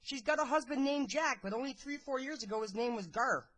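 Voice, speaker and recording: A woman's voice: high-pitched, fairly quick, a bit bright. A woman in a voice chat room, blunt and accusing, swearing as she questions another speaker. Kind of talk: heated voice chat.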